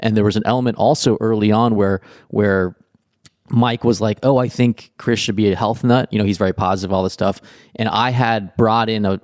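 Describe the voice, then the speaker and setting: A man's voice: fairly low pitch, a little mellow, no echo, clean studio sound. A man co-hosting a podcast, chatting casually in an enthusiastic, rambling way with many restarts. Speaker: podcast co-host and former writer. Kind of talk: casual chat.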